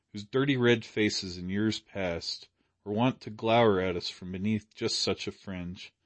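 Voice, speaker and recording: A man narrating an audiobook in a measured, expressive storytelling manner. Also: lowish voice, no room sound. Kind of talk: scripted narration.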